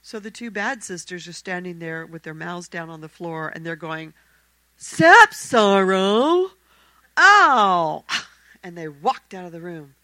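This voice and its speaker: A woman telling a fairy tale aloud in a church service, expressive and acting out the characters. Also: lowish voice, normal speed, few pauses, dry recording, rough recording. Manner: expressive, acts out the characters' voices. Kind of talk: animated fairy-tale storytelling.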